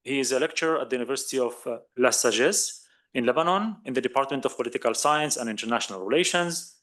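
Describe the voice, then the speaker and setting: A man's voice: mid-range voice, fast talker, a bit bright. A man moderates an academic panel, thanking speakers and introducing the next one. He speaks politely and formally, with a few fillers. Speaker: session chair.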